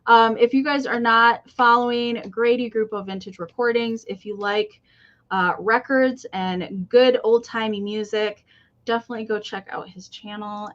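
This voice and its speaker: A woman with a fairly high voice hosts a live online sale in casual, chatty talk. She greets viewers one by one. The audio is dull and lo-fi, like a muffled livestream. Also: fairly even intonation, moderate pace, a bit bright.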